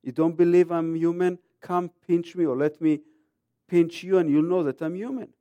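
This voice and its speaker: Brief: male preacher in his thirties, emphatic, moves between hushed and loud delivery. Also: on the high side, steady tone, normal speed, no echo, muffled recording. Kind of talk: sermon.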